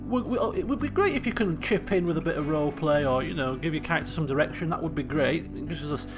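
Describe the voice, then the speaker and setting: A man's voice: fairly high pitch, quick pace, over music. A man streaming a colony sim game live, chatty and thinking aloud while talking to his chat. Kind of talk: casual live game commentary.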